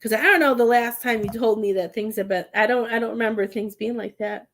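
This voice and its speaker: A woman's voice: fairly high pitch, a little fast, a bit bright. A young adult woman, a psychic medium, giving readings on a live stream from home, talking in a gushing, emotional way with many restarts.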